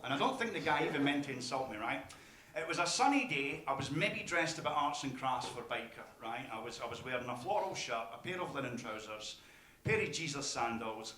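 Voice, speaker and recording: A middle-aged Scottish man performing a stand-up comedy set with a wry, punchy delivery. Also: on the high side. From Scotland. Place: comedy club stage. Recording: roomy club sound with loud audience. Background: audience laughter.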